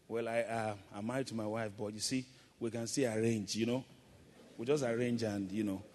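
Preaching with call-and-response, a male pastor asks for amens and performs playful acted asides. His mid-range, darkish voice carries a big-room sound with a little hiss or hum.

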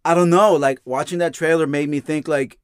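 A young man co-hosts a gaming podcast with a slightly high voice. He works through his thoughts out loud, hedging and restarting as he goes. The sound is dry and close. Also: steady tone, a little fast, clean tone, dry recording. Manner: thinks aloud, hedging and restarting. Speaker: podcast co-host. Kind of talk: casual chat.

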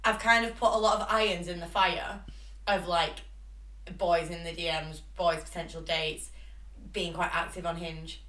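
A woman's voice: lowish voice, steady tone, normal speed, sharp tone. A young woman co-hosting a casual podcast, talking frankly and swearing freely as she mocks herself. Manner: frank, sweary, self-mocking. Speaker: podcast co-host. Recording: echoey room.

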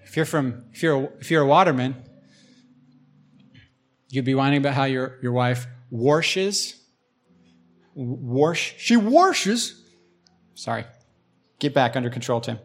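A man's voice: medium pitch, normal speed, long pauses, faint music behind. A man preaching a conversational sermon as pastor, slipping into imagined voices as he talks.

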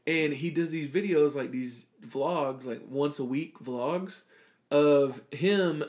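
A man's voice: a little high, slow. Rambling young man in casual chat. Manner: rambling, heavy use of "like", animated storytelling. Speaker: podcast co-host.

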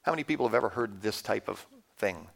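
A man in his fifties with a Canadian accent gives a sermon in an easy, conversational way. He talks with the audience and puts questions to them. His voice sits a little low. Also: animated, quick pace, gravelly, slightly rough. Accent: Canadian English. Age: 50s. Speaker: guest speaker.

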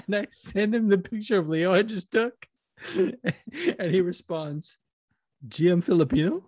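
A man's voice: high voice, sing-song, slow, darkish tone, dry recording, studio quality. A man co-hosting a podcast over a video call, laughing often as he tells rambling stories and swears casually. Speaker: podcast co-host. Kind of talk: casual chat.

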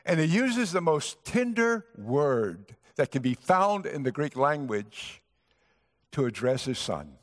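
A man's voice: a little high, very animated, slow. A male guest pastor preaching a sermon, telling a story and voicing the characters' lines. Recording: long hall reverb.

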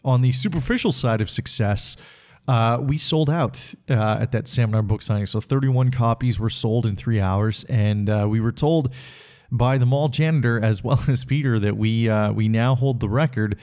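Speaking at a moderate pace in a medium-pitched, somewhat mellow voice, a podcast host from Canada reflects on his own. His stories ramble, stuffed with filler words and punctuated by laughter.

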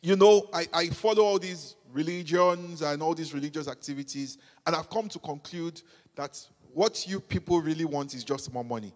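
A blunt, skeptical head of state, put on by a preacher mid-sermon. He sounds high and dismissive. The long reverb of a large hall rings behind him. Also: normal speed, a little mellow, close to an everyday voice.

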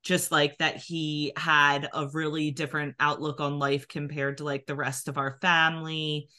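A woman's voice: low-pitched, level tone, moderate pace, bright, forceful tone. A woman from New Jersey with a Philadelphia accent, co-hosting a podcast and telling a story in casual chat, full of "like" fillers. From New Jersey near Philadelphia. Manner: chatty storytelling, many "like" fillers. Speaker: podcast co-host.

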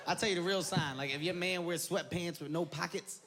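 A man doing stand-up comedy, loud and animated, shouting punchlines. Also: on the high side, normal speed. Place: large venue with laughing audience. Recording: live show with loud crowd and noise.

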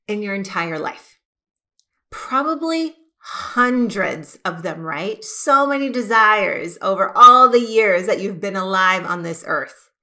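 A woman hosting a podcast, giving an energetic, emphatic motivational talk and stretching key words for effect. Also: mid-range voice. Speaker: podcast host.

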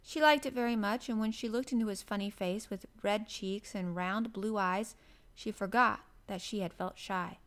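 A woman narrating a classic children's novel aloud in a gentle, even storybook manner. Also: medium pitch, normal speed.

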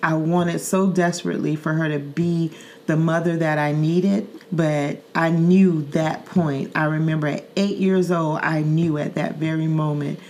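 A woman's voice: low voice, steady tone, a little slow, a little mellow, slight background noise. A middle-aged woman from Saint Louis, hosting a podcast and telling a personal story in an earnest, vivid way with fillers and repeats. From Saint Louis, Missouri. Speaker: podcast host. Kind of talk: personal storytelling in casual chat.

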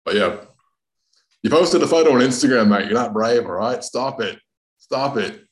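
A man's voice: mid-range voice, lively intonation, moderate pace, low-quality recording. A man, a comedian guest on a podcast, chatting casually and rambling, tagging "man" and "bro" onto his sentences. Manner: rambling, laid-back, says "man" and "bro" often. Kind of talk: casual chat.

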